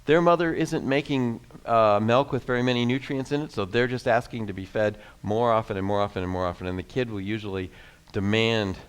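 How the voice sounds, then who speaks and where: Brief: male doctor panelist, deep smooth voice, measured explanations.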